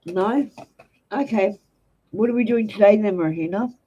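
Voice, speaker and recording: A woman's voice: mid-range voice, moderate pace, mellow, breathy edge, dull audio. Blunt Australian woman reading tarot. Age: young adult. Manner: blunt, direct advice to viewers. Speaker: tarot reader. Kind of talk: live-stream tarot reading.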